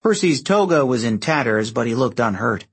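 A man reading an adventure audiobook aloud, expressive and giving each character a voice. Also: mid-range voice, normal speed, slightly rough. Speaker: audiobook narrator. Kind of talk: scripted narration.

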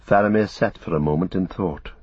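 A man narrating an audiobook in an even, measured reading. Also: sits low, breathy edge, no room sound. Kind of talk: scripted narration. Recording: dull, dry studio recording.

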